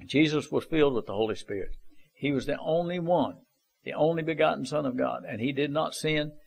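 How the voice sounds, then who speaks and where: A man's voice: mid-range voice, creaky, husky. Earnest preacher man, folksy and repetitive. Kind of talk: informal sermon.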